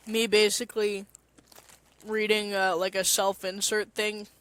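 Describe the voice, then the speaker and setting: A woman's voice: mid-range voice, level tone, unhurried, fairly bright tone, smooth. A woman streamer talking in a rambling, casual way and swearing now and then. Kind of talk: casual solo chat.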